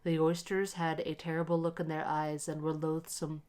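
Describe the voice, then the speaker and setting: A woman reads a classic short story aloud in a low voice. Her delivery is calm and measured yet expressive, suited to relaxing.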